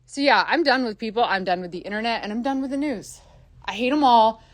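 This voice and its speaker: Speaking fast in a slightly high voice, a woman who makes music tells her personal story as a confession. She swears liberally, and her delivery swings from furious loud bursts to quieter moments.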